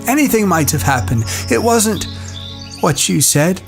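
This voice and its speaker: Fretful insistent schoolboy as voiced by an audiobook reader, slow anxious pleading, faint music behind. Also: mid-range voice, expressive, creaky. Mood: defensive. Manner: pleading, defensive, colloquial speech. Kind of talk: audiobook dialogue.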